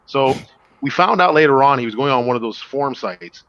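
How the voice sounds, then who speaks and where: A man's voice: medium pitch, lively intonation, fairly bright tone, dry recording, dull audio. A man telling a story in a casual chat, laughing often and acting out the people in it. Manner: rapid, laughing, acts out quoted people. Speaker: podcast co-host.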